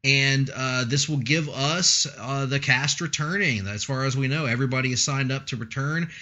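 A man's voice: medium pitch, normal speed, pushed and bright, highs cut off. A man co-hosting a casual comics podcast, chatty and laughing often. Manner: chatty, laughs often, breaks into a mock radio announcer voice. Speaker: podcast co-host.

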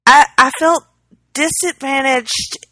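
A woman's voice: high voice, fairly even intonation, slow pace, pushed and bright, no echo. A woman co-hosting a podcast in casual chat, making wry jokes. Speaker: podcast co-host.

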